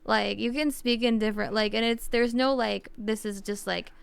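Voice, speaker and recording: A woman's voice: fairly high pitch, fairly even intonation, normal speed, vocal fry, smooth, no room sound. A woman streamer chatting casually on a livestream, thinking aloud and rambling with lots of fillers.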